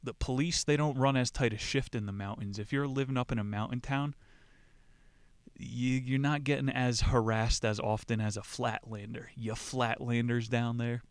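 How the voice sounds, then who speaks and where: A man talking casually on his book podcast, rambling and irreverent, mocking what he reads as he goes. His voice sits at an ordinary middle pitch. The sound is dry and close, with no room in it. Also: fairly even intonation, normal speed, clean tone, dry recording. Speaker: podcast host.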